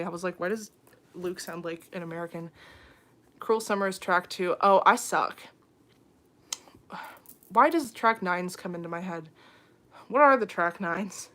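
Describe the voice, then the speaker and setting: A woman's voice: mid-range voice, a bit bright. A young woman hosting a casual livestream, chatting with viewers, reading their comments aloud, with frequent ums and laughs. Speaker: livestream host.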